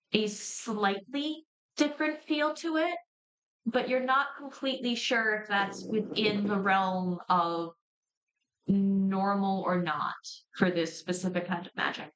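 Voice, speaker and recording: A woman serves as game master, narrating a tabletop fantasy scene in a casual, lightly descriptive way. Her voice sits a little high, and she pauses as she describes things. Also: a bit bright.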